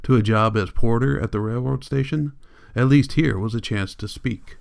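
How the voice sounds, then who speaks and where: Man narrating a novel, measured. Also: medium pitch, creaky. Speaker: audiobook reader. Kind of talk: reading a novel aloud.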